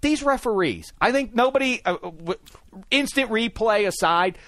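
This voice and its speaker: A man's voice: high-pitched, lively intonation, moderate pace, a bit bright, no echo. A man hosting a sports podcast, talking in an emphatic, opinionated way. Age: 40s or older. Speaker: podcast host. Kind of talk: casual sports podcast chat.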